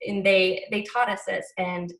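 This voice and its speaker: A woman's voice: medium pitch, level tone, a little slow, fairly bright tone. A woman hosting a video call, thanking her guest in a gushing way with hesitant restarts. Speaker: host. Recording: roomy, distant video call audio.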